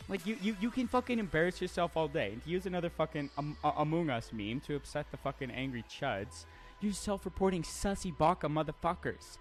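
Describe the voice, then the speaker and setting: A man's voice: on the high side, lively intonation, moderate pace, soft background music. A young man streaming live, reading chat aloud and answering in a brash, profane way with lots of stammered restarts.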